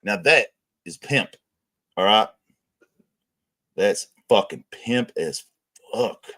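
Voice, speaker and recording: A man's voice: on the low side, expressive, slow pace, fairly bright tone. A man hosting a livestream, ranting crudely and swearing constantly in casual chat. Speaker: livestream host. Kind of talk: casual profane streaming rant.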